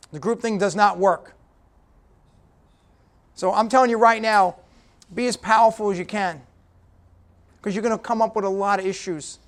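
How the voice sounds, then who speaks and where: A middle-aged man is the guest speaker at a business breakfast, delivering a punchy, direct motivational speech and repeatedly checking in with the audience with "okay?" His voice sits high, at a moderate pace, with frequent pauses.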